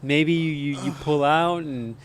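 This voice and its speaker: A man's voice: on the high side, a little slow, slight background noise. A man co-hosting a podcast, chatting in loose, slangy banter and laughing often. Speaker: podcast co-host. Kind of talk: casual crude banter.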